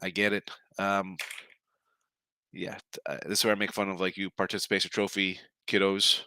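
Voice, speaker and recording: An older man hosting a sports betting podcast, ranting sarcastically and gruffly before running through his daily picks. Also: deep voice, monotone, moderate pace, bright, forceful tone, no room sound.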